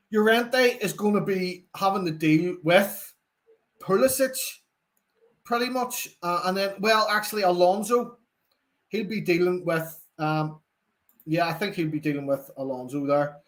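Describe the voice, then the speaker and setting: Young Northern Irish male host, lively fan chat, higher-pitched delivery. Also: measured pace, long pauses. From Northern Ireland. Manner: chatty, animated, reads out viewer comments. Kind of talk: live football watchalong chat.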